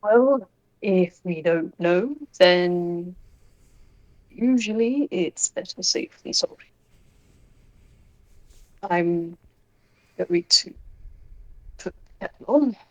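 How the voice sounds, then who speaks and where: A woman playing a gentle fatherly toon man. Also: fairly low pitch, very slow, pauses often, low-quality recording. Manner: gentle, fussing, hesitant fillers. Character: kind, gentle male toon, fatherly and caring.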